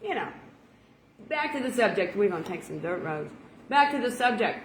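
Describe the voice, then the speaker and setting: A woman's voice: medium pitch, big pitch swings, normal speed, long pauses, echoey room, a little hiss or hum, poor audio. Folksy woman preaching casually. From Oklahoma. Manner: chatty, rambling, laughs at her own jokes. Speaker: online preacher.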